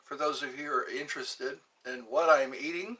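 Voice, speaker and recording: A man's voice: mid-range voice, fairly even intonation, moderate pace, sharp tone. A man hosting a casual livestream, rambling, reading out viewer questions and answering them while eating yogurt. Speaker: livestream host.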